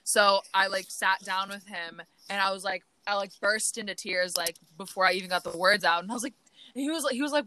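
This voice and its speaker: A young woman co-hosting a casual podcast chat, telling stories in an animated way with lots of fillers. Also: medium pitch, fairly quick. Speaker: podcast co-host.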